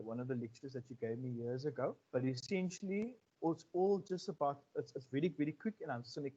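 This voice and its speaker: A man giving a relaxed economics lecture, often checking in with his students. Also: mid-range voice. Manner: conversational, checks in with 'right?' and 'okay?'. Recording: muffled lo-fi audio.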